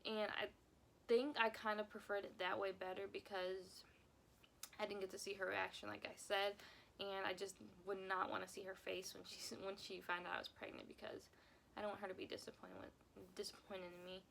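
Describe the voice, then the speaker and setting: A woman's voice: mid-range voice, flat delivery, a little fast, vocal fry, a bit bright, a little hiss or hum. A young woman telling a personal story time on her vlog, emotional and rambling, often repeating herself. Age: young adult. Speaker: vlogger.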